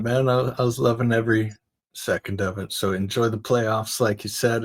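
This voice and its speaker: A man co-hosting a casual sports talk show in a laid-back, easygoing way. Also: fairly low pitch. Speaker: sports podcast co-host.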